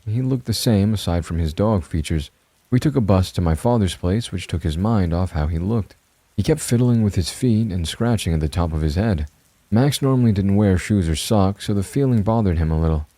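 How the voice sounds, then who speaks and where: Deep-voiced man narrating a horror story. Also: warm tone, no echo.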